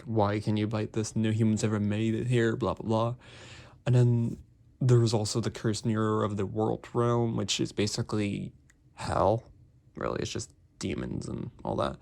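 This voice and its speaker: A man's voice: fairly low pitch, gravelly, darkish tone. A young man giving a casual, rambling book review, packed with fillers and restarts. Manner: rambling, heavy on fillers like "like" and "basically".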